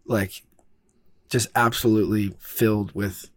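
A man's voice: fairly low pitch, steady tone, unhurried, no echo. A man, a filmmaker, telling a long behind-the-scenes story in a casual, rambling way, full of fillers and swearing. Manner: rambling, laid-back, heavy on fillers and swearing.

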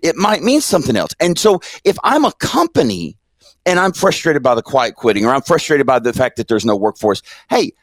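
A middle-aged man co-hosts a talk show, his voice a little high for a man and swinging widely up and down as he makes his points. He sounds emphatic and conversational, recorded close and dry with almost no room sound. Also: no room sound. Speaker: podcast co-host. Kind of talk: casual discussion.

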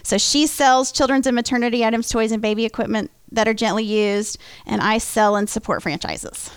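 A woman's voice: fairly high pitch, a little fast, clean tone, no room sound. A woman in her forties, a business owner being interviewed on a radio show, answering in an upbeat, conversational way. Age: 40s. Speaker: franchise business owner, guest.

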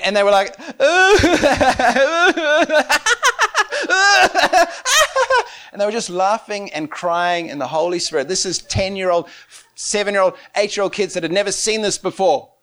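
A man preaching and telling a story with excitement. He laughs often and swings between quiet and loud. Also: high-pitched. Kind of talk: animated storytelling sermon.

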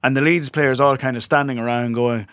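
A man's voice: mid-range voice, steady tone, brisk, fairly bright tone, clean tone, no room sound, clean studio sound. A man from Ireland hosting a chat show, telling a story in a rambling, laughing way with lots of filler sounds. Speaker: podcast host. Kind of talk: casual chat.

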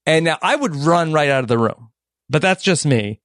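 A man's voice: a little high, expressive, normal speed, fairly bright tone, dry recording, studio quality. A man co-hosting a podcast, casually recapping a movie and acting out the characters' lines as he goes. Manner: storytelling, acts out characters' lines. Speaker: podcast co-host.

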